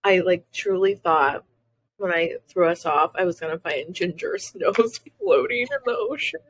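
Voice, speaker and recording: A woman's voice: lowish voice, animated, moderate pace, husky, rough recording. Playful young woman co-hosting a podcast. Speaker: podcast co-host. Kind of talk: casual chat.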